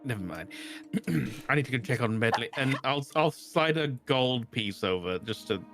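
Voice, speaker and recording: Deadpan teasing male player, mid voice, faint music under. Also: medium pitch, moderate pace. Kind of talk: in-character tabletop play.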